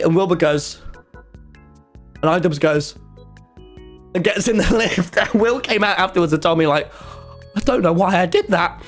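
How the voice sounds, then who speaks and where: A man, telling a story to his live chat in an excitable, rambling way. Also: high-pitched. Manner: excitable and rambling, with many restarts. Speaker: streamer.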